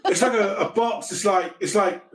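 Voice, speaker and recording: Stammering man telling a story. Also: sits high. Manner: halting, with many restarts and stammers. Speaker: podcast guest. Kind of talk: casual storytelling.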